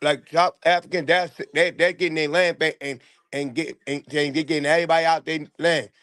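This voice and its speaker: A man's voice: on the high side, fairly even intonation, fairly quick, a bit bright. A man chiming in on a talk radio show in a loose, conversational way that often circles back and repeats itself. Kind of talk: casual opinion talk.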